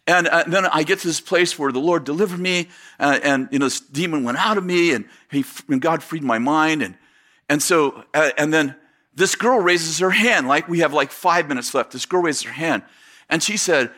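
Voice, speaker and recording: Animated, bright-voiced male preacher. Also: on the high side, normal speed. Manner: animated storyteller acting out dialogue, many fillers and restarts. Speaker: pastor. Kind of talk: sermon with storytelling.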